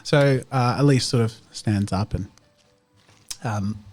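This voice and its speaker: A man's voice: mid-range voice, slow, a little mellow, soft background music. A man running a tabletop role-playing game, narrating casually with lots of fillers. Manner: casual, many fillers, laughs often. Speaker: game master.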